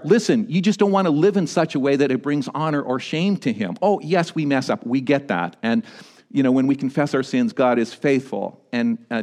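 A pastor delivering a sermon, swinging between emphatic high points and quieter, low-voiced storytelling. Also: male voice. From Canada. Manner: animated preaching, rising to emphatic peaks and dropping low for stories.

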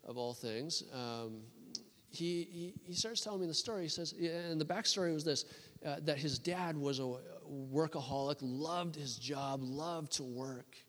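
A man preaching and telling a story to a church, with many restarts and a lively storytelling delivery. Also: on the high side, measured pace. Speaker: guest preacher. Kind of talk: sermon storytelling. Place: church hall. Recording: long reverb of a church hall.

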